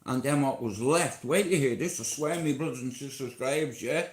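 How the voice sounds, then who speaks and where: A man's voice: mid-range voice, normal speed. A Dublin man live-streaming, telling a rambling, profane story and checking in with his listeners as he goes. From Ireland. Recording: echoey room.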